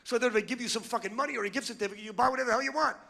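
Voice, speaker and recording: Fast, gravelly, brash comedian man. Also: very high voice, bright, forceful tone. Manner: brash, crude, crowd work. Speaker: stand-up comedian. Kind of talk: stand-up comedy routine. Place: comedy club stage. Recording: long hall reverb.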